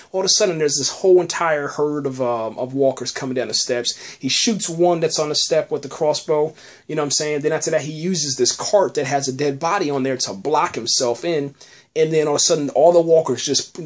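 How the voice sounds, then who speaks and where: A man hosting a casual podcast, retelling a TV episode in an animated way and peppering his talk with "man" and "you know what I'm saying". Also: on the high side. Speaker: podcast host reviewing a TV episode.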